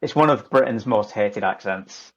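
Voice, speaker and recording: A man's voice: fairly low pitch, normal speed, fairly bright tone, dull audio. A middle-aged man from northern England with a Lancashire accent, chatting as a podcast guest in a jokey, swearing way. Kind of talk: casual chat.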